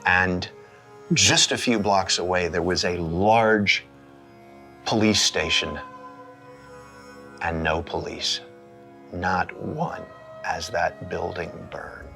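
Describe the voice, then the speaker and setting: A man telling a personal story in an expressive way, with dramatic pauses. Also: sits low, creaky, faint music behind.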